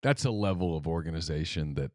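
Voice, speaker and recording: A man's voice: very deep voice, lively intonation, fast, darkish tone, dry recording, studio quality. A man co-hosting a show, giving brief reactions and reading out viewer questions. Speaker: co-host.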